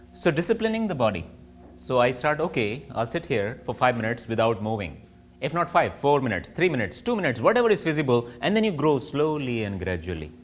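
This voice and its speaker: Lively-voiced male yoga teacher. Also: mid-range voice. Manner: reflective, asks and answers own questions. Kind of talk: spoken yoga lesson.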